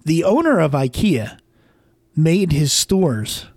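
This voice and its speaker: A man with a slightly higher voice tells stories with gusto and a few curse words. The sound is close and dry, with no room around him. He sounds like a regular co-host in a relaxed podcast chat. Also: slow pace, no room sound. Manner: animated storyteller, swears freely. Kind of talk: casual chat.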